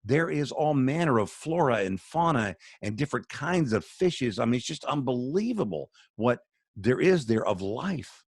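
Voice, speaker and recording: A man's voice: mid-range voice, big pitch swings, moderate pace, husky, no room sound, studio quality. A man who speaks for a charity, talking on a video call in an earnest, sermon-like storytelling way. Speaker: charity spokesman, radio guest.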